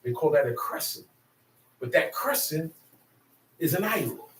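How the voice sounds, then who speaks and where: Echoey street preacher man, fairly high. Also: very animated, unhurried, a bit bright. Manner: rhetorical questions, emphatic and colloquial. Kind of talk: call-and-response teaching. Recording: echoey, distant mic with faint ambient noise.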